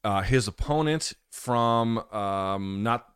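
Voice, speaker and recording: A man's voice: mid-range voice, slow, fairly bright tone, clear, resonant tone, dry recording, clean studio sound. A man hosting a live chat podcast, giving casual fight picks in a rambling way, correcting himself and swearing offhandedly. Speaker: podcast host.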